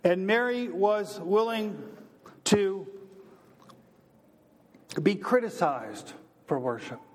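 High-voiced male preacher in a reverberant hall. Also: expressive, slow pace. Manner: preaching with building repetition, rising in pitch and force. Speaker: pastor. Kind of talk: sermon.

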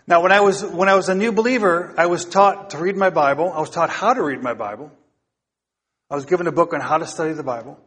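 Middle-aged pastor guy preaching, slightly high voice, long church echo, keeps asking the room questions. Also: quick pace, a bit bright, husky. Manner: earnest, exhorting, asks the congregation questions. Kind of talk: sermon.

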